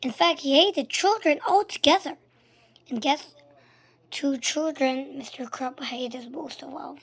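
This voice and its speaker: Woman narrating a children's book read-aloud; expressive, often hushed, high voice with a gravelly edge. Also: a little slow. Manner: expressive, shifting between loud and hushed. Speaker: storybook reader.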